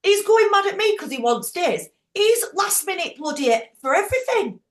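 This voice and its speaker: A woman leading a group call, chatty and frank, quick to laugh. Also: extremely high pitch, sing-song, reverberant. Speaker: team leader hosting a group call. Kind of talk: casual chat.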